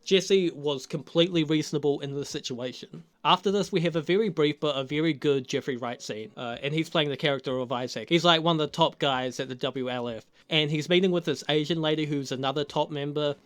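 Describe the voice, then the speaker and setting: A man's voice: fairly high pitch, a little fast, hardly any pauses. A young adult man giving a casual spoken TV episode review, talking loosely, swearing a lot and laughing often. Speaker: TV show reviewer.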